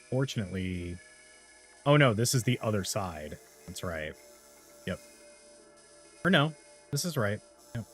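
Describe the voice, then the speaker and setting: A man casually commenting on his gameplay during a live stream, chatting with viewers between moves. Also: on the low side. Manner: casual, chatty, talks to chat while playing.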